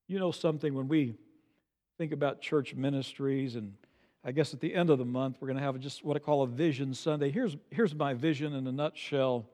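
An older man preaching a sermon as pastor, swinging from soft low asides to loud emphatic peaks. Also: normal speed, big-room sound. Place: church sanctuary.

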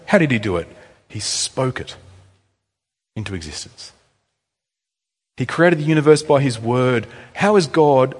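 A man preaching a sermon as pastor, conversational with wry asides and emphatic repetition. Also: medium pitch. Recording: long hall reverb.

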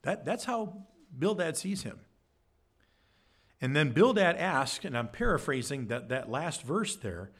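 Speaking a little slowly with big swings in pitch, this pastor gives a chatty Bible-study sermon. He frequently adds "right?" and performs quoted lines in different voices.

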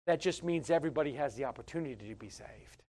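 A middle-aged man preaching a sermon as a pastor, swinging from loud, emphatic lines to quiet conversational asides, repeating phrases and stumbling over fillers. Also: medium pitch, animated, fast.

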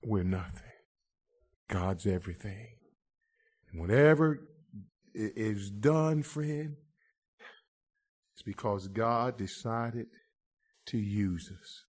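A male preacher delivering an impassioned sermon, swinging from quiet murmurs to loud shouts, throwing in rhetorical "huh?" asides and calling listeners "friend". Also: fairly low pitch, lively intonation, takes it slowly, long pauses.

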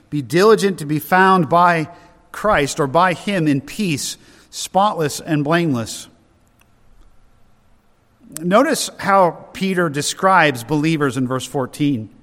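A man's voice: on the high side, a bit bright. Man preaching in a reverberant church. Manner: conversational with self-interruptions and asides. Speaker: pastor. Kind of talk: sermon. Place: church sanctuary. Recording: hall reverb.

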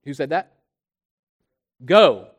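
A preacher giving an expository sermon, pressing hard on key words and then dropping low and quiet, often repeating phrases while building a point. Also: expressive, very slow. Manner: emphatic, swinging between loud stresses and quiet drops. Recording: long hall reverb.

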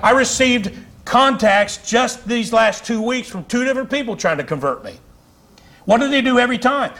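Male pastor, high-pitched, fiery conversational sermon delivery in a church. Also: animated, normal speed, sharp tone. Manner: fiery, conversational preaching with asides and laughs. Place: church sanctuary.

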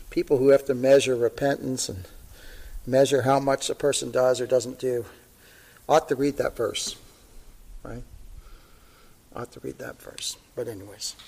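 A man's voice: medium pitch, gravelly, rough recording. A male pastor preaching a sermon, conversational with tag questions, building to fervent exclamations and chuckling now and then.

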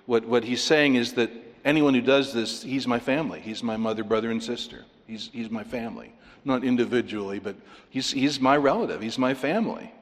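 A man preaching a sermon, emphatic and animated, leaping up in pitch to stress his points. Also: brisk. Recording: long hall reverb.

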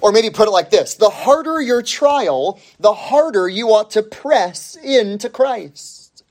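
Slow, emphatic male preacher. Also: extremely high pitch, lively intonation. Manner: emphatic, with slow drawn-out phrases and sudden rises. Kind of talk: sermon.

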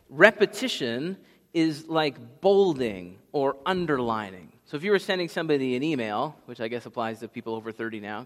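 A male pastor preaching a sermon, teaching in a conversational way with asides and questions to the congregation. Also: fairly high pitch. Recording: church hall reverb.

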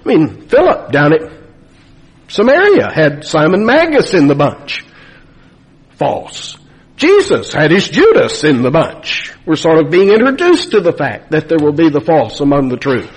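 A man's voice: a little high, huge pitch swings, a little slow, slightly rough. A pastor in his fifties, a man preaching an emphatic sermon full of rhetorical questions.

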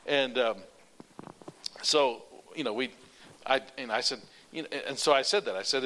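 A male preacher telling a personal story in a sermon, animated, running sentences on with repeated "and". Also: medium pitch, brisk.

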